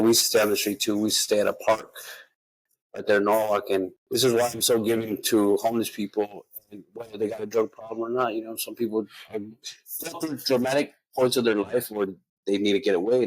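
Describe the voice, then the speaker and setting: A man's voice: on the low side, fairly even intonation, brisk, low-quality recording. A man hosting a casual chat, speaking earnestly and calling his guest bro and man. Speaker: host.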